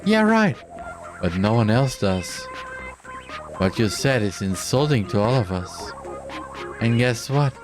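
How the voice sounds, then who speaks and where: A man's voice: on the low side, unhurried, pauses often, music in the background, lightly acted. A man voicing a gleeful, sadistic male game-show presenter while reading game dialogue aloud, in a mock-cheerful, theatrical announcing manner. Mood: gloating.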